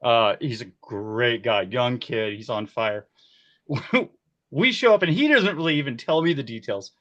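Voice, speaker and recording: A man in his forties tells his stories with lively energy, often laughing and slipping into the voices of the people he quotes. His pitch sits in an ordinary middle range. The recording sounds a little dull and lo-fi. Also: a little slow. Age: 40s. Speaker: key grip, interview guest. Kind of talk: casual storytelling.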